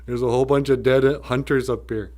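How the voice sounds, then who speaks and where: A man's voice: mid-range voice, steady tone, a little fast, a little mellow, close to an everyday voice. A man voicing a casual male gatekeeper of heaven who reads out records in an offhand way.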